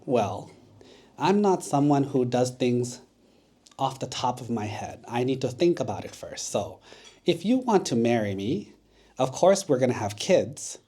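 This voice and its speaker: A wise, careful female bird from a children's storybook, as a man puts her on. She gives advice calmly and thoughtfully, in a dark, mellow voice. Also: medium pitch, a little slow.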